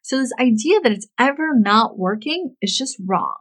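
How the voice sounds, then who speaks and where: A woman in her thirties, a love coach, telling a personal story in a chatty, animated way full of "like" fillers. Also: a little high, moderate pace, husky, rough recording. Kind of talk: casual storytelling to camera.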